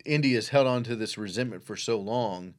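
A man's voice: lowish voice, a little fast. A man co-hosting a podcast, talking through a movie in a rambling, casual way and acting out lines in passing. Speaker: podcast co-host.

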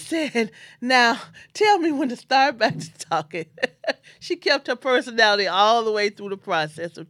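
A woman's voice: fairly low pitch, fairly bright tone, dry recording. A woman hosting her own show, telling a personal family story in an earnest, heartfelt way. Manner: heartfelt, earnest, quotes others with feeling. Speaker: host.

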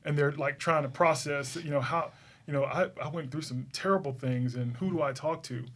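Middle-aged male host, slightly high voice, earnest and emotional, halting restarts. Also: a bit bright. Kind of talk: casual interview chat.

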